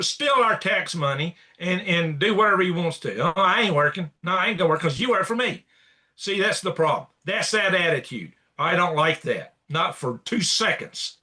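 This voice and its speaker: A man's voice: fairly high pitch, pushed and bright. A man hosting a commentary show, reacting to clips with blunt, indignant rants and repeated insults. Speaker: news commentary host.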